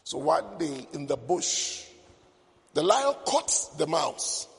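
Male preacher, high animated voice, story sermon with jokes, reverberant church. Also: slow, gravelly, slightly rough. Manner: storytelling with joking asides to the congregation. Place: church service. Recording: long hall reverb.

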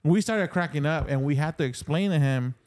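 A middle-aged man co-hosting a casual podcast chat, telling a lively story and laughing often. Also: on the high side, brisk. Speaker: podcast co-host.

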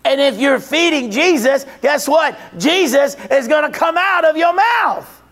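Male preacher with a very high voice, emphatic, repetitive, call-and-answer delivery. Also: lively intonation, measured pace. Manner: emphatic, rising to shouts, then dropping low; repeats phrases, asks and answers his own questions. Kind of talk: sermon.

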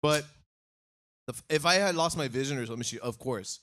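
A man's voice: mid-range voice, a little fast, a bit bright. A man co-hosting a podcast in casual banter, laid-back and teasing, laughing and swearing often. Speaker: podcast co-host.

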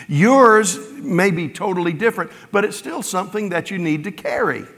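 A man's voice: high-pitched, animated, moderate pace, fairly bright tone. Man preaching in a reverberant sanctuary. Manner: conversational preaching, paraphrasing scripture in his own words. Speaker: pastor. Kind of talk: sermon. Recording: long hall reverb.

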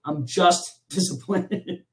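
Excitable high-voiced young man ranting. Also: takes it slowly. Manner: animated, laughing, mock-outraged rants. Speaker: podcast co-host. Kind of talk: casual podcast banter. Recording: roomy echo.

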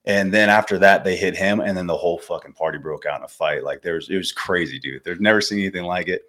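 A man in his twenties with a notably deep voice tells a story as a podcast guest. His delivery is casual and easygoing, full of swearing and slang like dude and bro. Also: fast, sharp tone. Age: 20s. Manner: laid-back, swears freely, says dude and bro.

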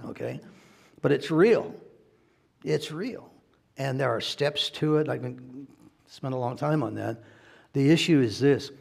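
A man's voice: medium pitch, creaky, breathy edge. A male pastor giving a sermon in a conversational, joking way, often laughing.

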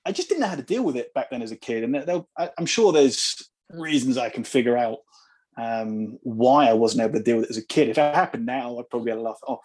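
Husky English man in his thirties, podcast guest; halting, reflective, slight American twang creeping in. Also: medium pitch, a little mellow. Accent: English, with an occasional American twang. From England. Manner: reflective, halting, with frequent restarts. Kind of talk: casual conversation.

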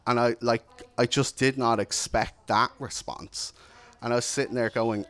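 A man speaking in a candid, earnest, reflective way as he shares his own life story. His voice sits at an ordinary middle pitch for a man, and the talk runs like a plain personal testimony. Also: fairly even intonation, moderate pace, fairly bright tone.

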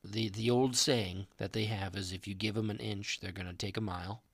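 A man's voice: fairly low pitch, fairly even intonation, a little fast, creaky, husky, no room sound. A young man co-hosting a podcast, chatting casually, joking and rambling with frequent laughs. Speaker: podcast co-host. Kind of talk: casual chat.

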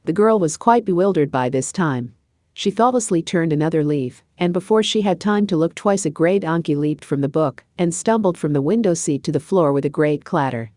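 A woman reads a children's storybook aloud in an even, measured way. Her voice is low, and the recording is dry and close. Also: no room sound. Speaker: narrator. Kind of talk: scripted storybook narration.

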